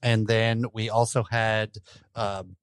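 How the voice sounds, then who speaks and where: A man's voice: on the low side, little pitch movement, slow pace, clean tone, dry recording. A man co-hosting a casual podcast chat, talking in a laid-back way with brief remarks into a headset mic. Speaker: podcast co-host.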